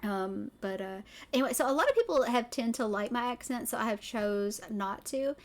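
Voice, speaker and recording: Southern US woman streamer, chatty and excitable, pitch a bit high. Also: moderate pace. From Tennessee. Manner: excitable, rambling, goes off on tangents. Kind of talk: casual chat.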